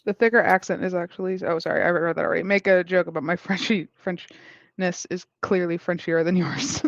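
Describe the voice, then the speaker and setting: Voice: mid-range voice, steady tone, a little fast, dry recording. Rambling stream host, dull dry mic. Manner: rambling, self-correcting, laughs often. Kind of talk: casual chat.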